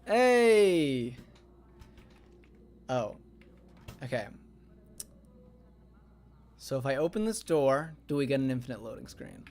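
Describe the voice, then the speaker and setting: A man streaming a game live, chatting to his viewers, swearing often and breaking into sudden loud outbursts. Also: medium pitch, expressive, a little slow, long pauses. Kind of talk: live gameplay stream chat.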